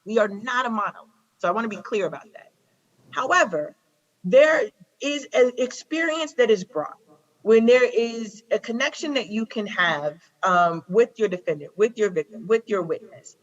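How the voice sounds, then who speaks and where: On the higher side with lively intonation and a moderate pace, this guest is a woman in her forties who works as a prosecutor in Chicago. Her talk is impassioned yet conversational, full of emphatic stories and repeated key phrases, recorded in slightly dull lo-fi.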